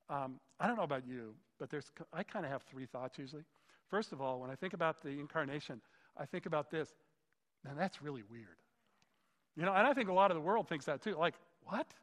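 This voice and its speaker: A man's voice: fairly high pitch, fairly bright tone. A man preaching a sermon as pastor, in a conversational way, sometimes acting out both sides of a dialogue. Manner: conversational, acts out skeptical dialogue. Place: church hall. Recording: long hall reverb.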